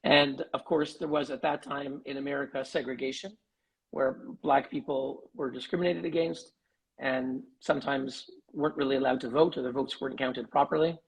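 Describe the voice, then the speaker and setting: A man giving an articulate, measured interview as a human rights advocate over a video call. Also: mid-range voice, fairly even intonation, creaky, breathy edge, rough recording. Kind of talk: live online interview.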